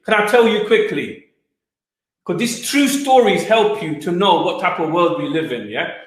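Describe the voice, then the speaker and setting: A young man telling stories to an audience at a live event in a streetwise, animated way, with quick asides to the listeners. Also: high voice. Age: young adult. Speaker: wealth speaker. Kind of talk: storytelling talk at a live event. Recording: very echoey room.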